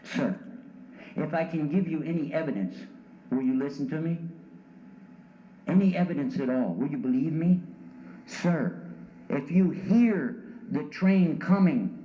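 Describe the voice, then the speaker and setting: A man's voice: a little high, animated, measured pace, pauses often, roomy sound, muffled recording, pitched above the performer's own voice. A man voicing an earnest man who urgently pleads with someone to get off the tracks. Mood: pleading.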